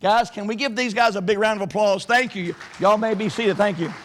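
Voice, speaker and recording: Animated high-voiced pastor. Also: male voice, a little hiss or hum. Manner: animated, slows to stress points. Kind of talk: sermon.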